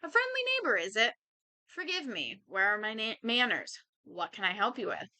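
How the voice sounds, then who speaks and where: A woman's voice: medium pitch, big pitch swings, normal speed, pushed and bright, heavily acted. A woman voicing a polite, anxious young husband who speaks formally and apologetically.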